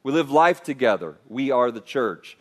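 A man preaching a sermon, animated and playful, leading his congregation in call-and-response. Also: mid-range voice, normal speed. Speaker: pastor.

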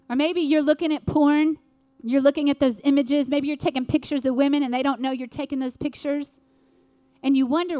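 A woman preaching an earnest sermon with dramatic pauses. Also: sits high, no echo.

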